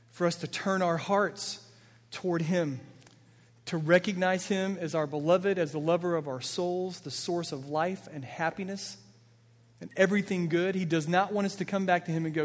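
A man's voice: high voice, steady tone, moderate pace. Earnest male pastor in an echoing hall. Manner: earnest, builds emphasis, quoting scripture with feeling. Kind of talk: sermon. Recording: long reverb of a large hall.

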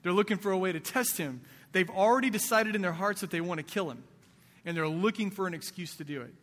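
A man's voice: high voice, fast talker, a bit bright. A male pastor preaching a sermon in a conversational way, asking his listeners rhetorical questions. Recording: long reverb of a large hall.

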